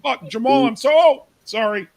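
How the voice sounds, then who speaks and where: A man's voice: extremely high pitch, moderate pace, gravelly, a crowd in the background. A man hosting a casual chat with friends, joking and swearing freely.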